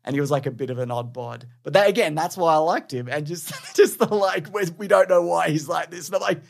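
A man's voice: on the high side, a little fast, creaky. A man co-hosting a podcast, a former teacher telling stories in a rambling, casual way full of fillers and swearing. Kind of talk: casual chat.

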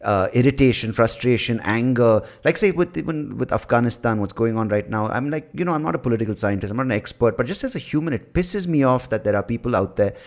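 A man hosting a podcast, talking in a relaxed, reflective way, thinking out loud with "uh" and "you know" and the odd swear word. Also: medium pitch, fast, hardly any pauses. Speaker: podcast host. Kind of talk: casual conversational interview.

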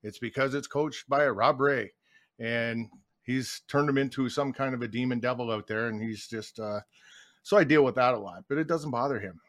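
A man's voice: mid-range voice, moderate pace, fairly bright tone, no room sound. A middle-aged man chatting as a guest in a podcast studio, telling blunt stories and acting out the lines of the people in them. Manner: blunt storyteller acting out quotes. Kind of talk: casual chat. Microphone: studio mic.

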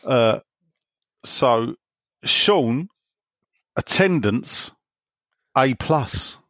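Male co-host, jokey, animated pitch, dry close-miked sound. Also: drawn-out words, no room sound. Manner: playful, reads listener questions with laughs. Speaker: podcast co-host. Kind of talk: casual chat.

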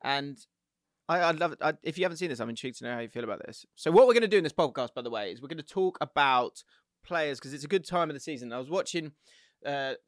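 A man co-hosting a casual football podcast, animated and jokey, slipping into quick mimicry. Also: on the high side, no echo, studio quality. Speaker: podcast co-host.

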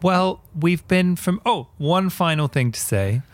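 A man's voice: a little high, animated, unhurried, dry recording. A man co-hosting a podcast in casual chat, asking questions and making a short announcement. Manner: brief reactive interjections, then plugs an announcement. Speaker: podcast co-host.

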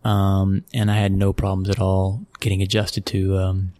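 A man's voice: low voice, monotone, normal speed, dark tone, dry recording. An American man from Texas telling stories in a casual interview, rambling with restarts and frequent chuckles. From Texas, USA. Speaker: interview guest, football club executive.

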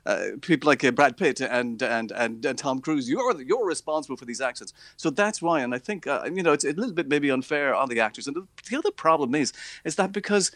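A man's voice: mid-range voice, expressive, brisk, fairly bright tone, dry recording. Opinionated man reviewing films. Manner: opinionated, scathing, chatty with many fillers. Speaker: movie reviewer. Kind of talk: casual radio chat.

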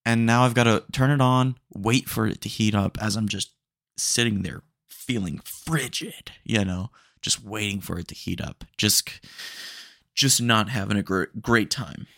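A man's voice: lowish voice, unhurried, vocal fry, fairly bright tone, dry recording, clean studio sound. A young man hosting a casual solo podcast, telling rambling stream-of-consciousness stories and often saying dude. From Texas. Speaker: podcast host.

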